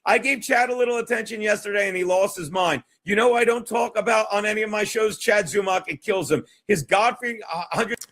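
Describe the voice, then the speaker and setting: A man talking casually and warmly on a played show clip, paying compliments and reading a message aloud. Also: high-pitched, brisk, hardly any pauses. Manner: friendly, complimentary.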